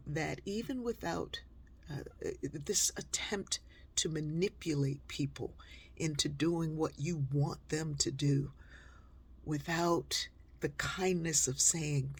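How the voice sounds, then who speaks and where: An older woman with a gravelly, husky voice tells a personal story. She keeps it conversational, unhurried and close, and often slows down and drops to a near whisper on the key points. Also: low-pitched. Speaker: speaker and author.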